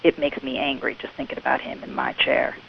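A woman putting on a loud, perky woman reality show contestant in a muffled phone message. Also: rumbling low, sing-song, a little fast, gravelly, a little hiss or hum, voice pushed down, full character voice. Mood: brash.

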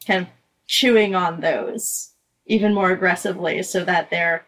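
A woman in a casual podcast discussion who talks quickly with many "you know" fillers. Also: lowish voice, fairly bright tone, poor audio.

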